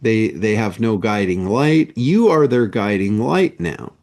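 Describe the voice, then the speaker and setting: A man's voice: lowish voice, animated, darkish tone. A man giving a motivational talk as a business coach, stressing points with rhetorical questions. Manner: slow, emphatic, with rhetorical questions. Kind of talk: motivational monologue.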